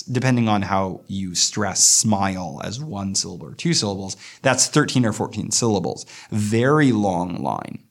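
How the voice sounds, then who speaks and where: A man teaching a poetry lesson, explaining verse and slowing down to read lines aloud thoughtfully. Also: on the low side, creaky. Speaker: literature teacher.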